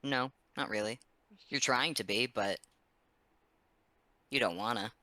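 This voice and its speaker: A man's voice: mid-range voice, a little slow, bright, forceful tone, no room sound. A man voicing his character in a tabletop role-play, rambling and earnest with frequent restarts. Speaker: player.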